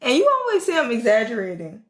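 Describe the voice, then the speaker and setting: A woman's voice: on the high side, sing-song, fast, echoey room. A woman co-hosting a podcast in casual chat, giggly and teasing. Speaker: podcast co-host.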